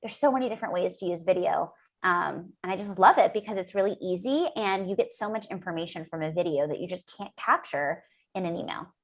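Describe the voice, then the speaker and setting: A woman from the United States, a speech-language pathologist, guests on a casual podcast interview, chatting enthusiastically with lots of fillers and acted-out asides. Her voice is fairly low-pitched and her pace brisk.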